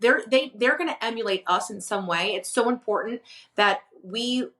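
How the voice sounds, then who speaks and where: A woman in her thirties co-hosting a casual chat, with a bright, forward voice. She speaks openly and earnestly, often chiming in with an agreeing "yeah". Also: fairly high pitch, moderate pace. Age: 30s. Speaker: guest co-host.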